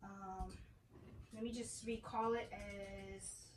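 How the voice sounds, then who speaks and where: A woman's voice: medium pitch, little pitch movement, takes it slowly. A woman hosting a casual crafting how-to vlog from her home craft room, chatting to viewers and often checking in with an "okay?". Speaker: crafting channel host. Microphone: camera on a tripod. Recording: echoey room, faint noise.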